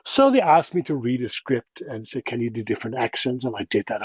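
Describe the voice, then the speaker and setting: Middle-aged male interview guest, neutral Northern European accent, husky voice, dry close sound, reflective storyteller. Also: medium pitch, expressive, fairly quick, hardly any pauses, no echo. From Netherlands.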